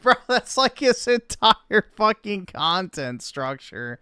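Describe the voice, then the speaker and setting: A man's voice: high-pitched, very animated, slow, bright, forceful tone, clear, resonant tone, no echo, clean studio sound. A man reacting to a video, sarcastic, profane and exasperated. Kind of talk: mocking reaction commentary.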